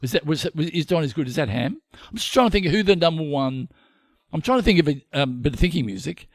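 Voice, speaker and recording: A man talking in a relaxed podcast chat, restarting his sentences and asking questions as he goes. His voice is a little higher than most men's and moves in a lively way. The sound is dry and close. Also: fast talker, no room sound. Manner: stumbling, repeating words, quizzical. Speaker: podcast co-host. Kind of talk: casual chat.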